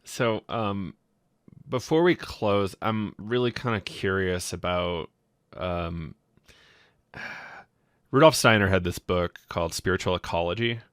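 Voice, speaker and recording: A man hosting an interview podcast, speaking slowly and thoughtfully with many fillers. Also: low-pitched, dry recording, clean studio sound. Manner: slow, thoughtful, lots of fillers. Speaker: podcast host. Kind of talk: casual interview talk.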